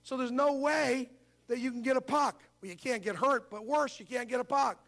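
An older pastor with an extremely high, fairly bright voice preaches a sermon at normal speed. After telling a story, he uses call-and-response, asking the congregation to answer his questions aloud.

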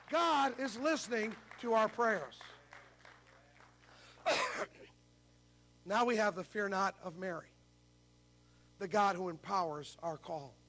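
A man's voice: very high-pitched, fairly bright tone. An older man preaching a sermon, telling a story and then asking the congregation to answer his questions aloud. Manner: preaching with call-and-response questions. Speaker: pastor.

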